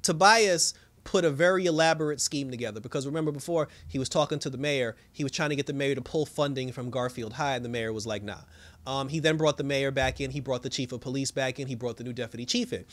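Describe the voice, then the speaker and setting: Fast-talking man recapping an episode. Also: mid-range voice. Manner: animated storytelling, slangy, laughs often. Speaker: TV episode reviewer.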